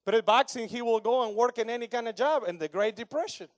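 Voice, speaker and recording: Argentine pastor guy in his 30s, spanish accent, high voice, jokey animated sermon, dry sound. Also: fast talker, no echo. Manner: animated, joking with the congregation, broken English.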